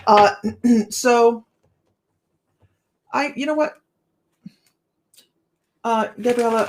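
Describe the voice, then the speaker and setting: A woman's voice: fairly high pitch, takes it slowly, pauses often. A chatty woman hosting a casual live tarot stream. She talks to her viewers by name and laughs easily between cards. There is a faint hiss and some clicking behind her voice.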